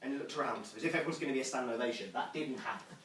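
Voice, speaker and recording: A young man telling self-mocking comic stories to a small audience in a living room, animated and lively. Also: medium pitch, racing, distant mic. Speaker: storyteller. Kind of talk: comic storytelling to a home audience. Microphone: far camera. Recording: roomy room from afar, faint noise.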